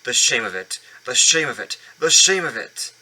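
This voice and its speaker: A man's voice: medium pitch, moderate pace, sharp tone, slightly rough, poor audio. A man voicing a big, proud male steam engine who boasts and grumbles in a storybook reading. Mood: grumbling.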